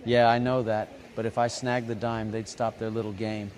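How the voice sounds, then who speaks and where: A man voicing a cheeky, quick-witted young schoolboy with fast comebacks. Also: fairly low pitch, flat delivery, a little mellow, a little hiss or hum, lightly acted.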